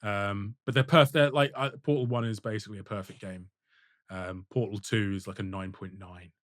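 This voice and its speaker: A man co-hosting a gaming podcast in casual chat, talking in animated, emphatic bursts and laughing often. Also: lowish voice, moderate pace, dry recording, clean studio sound. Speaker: podcast co-host.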